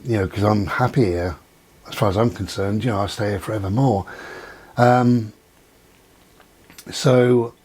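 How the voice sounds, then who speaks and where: A vlogger talks casually to camera in a darkish, slightly rough voice on the low side, with an accent not local to Dorset. A chatty storyteller, he rambles through anecdotes in a monologue, acting out the exchanges between himself and others.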